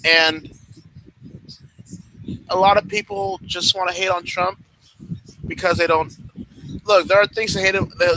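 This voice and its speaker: A young man hosting a casual livestream, talking bluntly with lots of swearing. He rants hard and gets excited when talking about things he likes. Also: fairly high pitch, noisy background. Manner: blunt, profane, ranting; excitable fan enthusiasm. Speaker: livestream host.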